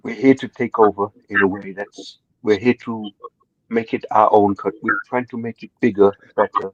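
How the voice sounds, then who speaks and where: A man's voice: fairly low pitch, steady tone, normal speed, dry recording, highs cut off, lightly acted. A man playing a defiant, taunting male migrant caller on a call-in line, calling the hosts brother. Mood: smug. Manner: taunting, calls people brother.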